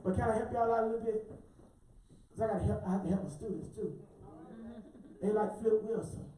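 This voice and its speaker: Sing-song preacher in an echoing church. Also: male voice, sits high, fairly even intonation, normal speed, dark tone, a little hiss or hum. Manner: rhythmic, sing-song call-and-response preaching. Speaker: pastor. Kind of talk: sermon. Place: church sanctuary. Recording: echoey church from far off with congregation.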